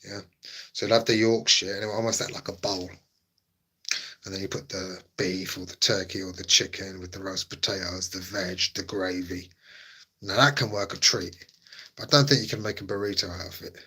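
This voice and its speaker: A man hosting a live stream and chatting casually with his audience. His voice has a bright, forceful edge. He teases his viewers playfully and puts on mock-dramatic outrage. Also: sits low, steady tone, moderate pace, slightly rough.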